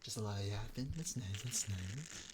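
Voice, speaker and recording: A man's voice: lowish voice, animated, moderate pace, background noise. A man streaming as an ASMR VTuber, chatting casually and greeting viewers by name, with lots of filler words. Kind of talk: casual live-stream chat.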